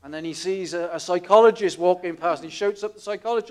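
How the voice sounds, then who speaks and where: A man preaching a sermon, telling stories in a quiet, earnest way with small restarts. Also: high voice, quick pace, hardly any pauses.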